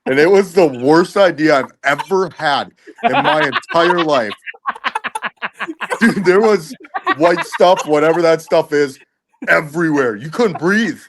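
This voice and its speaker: Man podcast guest, slightly high voice, rambling story, laughs a lot. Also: expressive, unhurried, a little hiss or hum. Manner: rambling, laughs often between lines. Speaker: podcast guest, tournament angler. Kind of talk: casual storytelling chat.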